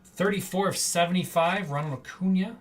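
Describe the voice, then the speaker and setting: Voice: medium pitch, fairly quick. A card-break host chatting casually and rambling off-the-cuff while opening packs on a live stream. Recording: slightly distant mic, faint background hum.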